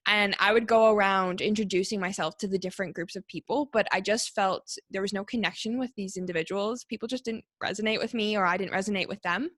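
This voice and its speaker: A woman's voice: mid-range voice, quick pace, few pauses, fairly bright tone, no echo, clean studio sound. A woman in her twenties with a Canadian accent, talking casually as a podcast guest and using "like" often. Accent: Canadian English. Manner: chatty, frequent "like" fillers. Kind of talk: casual conversation.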